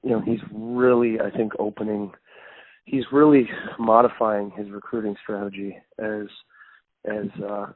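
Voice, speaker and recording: A man's voice: lowish voice, flat delivery, unhurried, no room sound. A man from North Dakota talking casually as a podcast guest, rambling with many restarts. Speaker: guest wrestling analyst. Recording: phone-like, dry sound.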